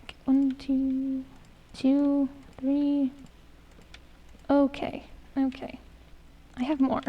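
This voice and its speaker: A woman's voice: sits high, monotone, drawn-out words, dull audio. A young woman streaming a game, chatting to herself and her chat, muttering and humming as she plays. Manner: chatty self-talk, hums and mutters while playing. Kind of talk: casual gameplay commentary. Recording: voice a bit distant from the mic.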